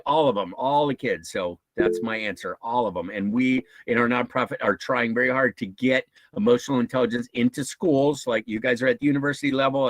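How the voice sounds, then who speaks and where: A man from a nonprofit, giving an informal talk and answering questions in an animated way, with chuckles, restarts and acted-out quotes. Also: mid-range voice, no room sound, rough recording. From United States. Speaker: guest speaker from a nonprofit.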